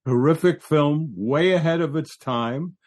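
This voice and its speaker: A man's voice: a little high, unhurried, a little mellow. Enthusiastic man on a film podcast. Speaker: podcast co-host. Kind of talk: casual film discussion.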